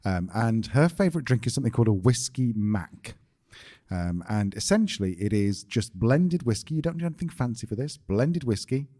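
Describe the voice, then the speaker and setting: A man's voice: mid-range voice, big pitch swings, normal speed, dark tone. A British man co-hosting a podcast in casual chat, explaining things with dry jokes. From Britain. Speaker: podcast co-host.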